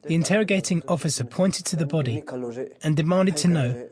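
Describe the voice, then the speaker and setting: A man's voice: fairly high pitch, brisk, darkish tone. A man recounting an interrogation in a tense, urgent retelling. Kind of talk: recounted testimony.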